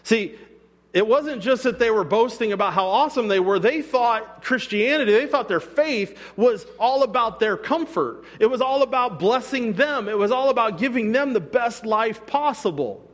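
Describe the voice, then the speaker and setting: A man's voice: very high voice, animated, moderate pace. A man preaching a sermon as pastor, talking casually and acting out quotes, sometimes with sarcasm. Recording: long reverb of a church hall.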